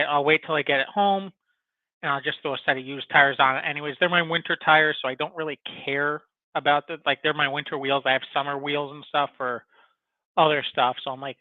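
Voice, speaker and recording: A man's voice: on the high side, fairly quick, no room sound. A man hosting a casual podcast, telling a long story full of profanity and filler words. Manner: profane, rambling, animated storytelling. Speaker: podcast host. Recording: tinny phone-like sound.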